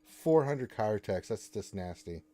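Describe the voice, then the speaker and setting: A man's voice: on the low side, animated, moderate pace, mellow. A man hosting a casual live stream, answering chat questions and teasing viewers and his co-host with mock indignation.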